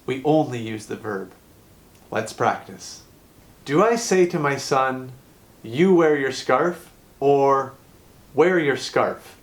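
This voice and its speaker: Slow, clear-speaking man teaching English. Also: mid-range voice, lively intonation. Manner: clear, deliberate explaining to learners. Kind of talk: scripted educational lesson.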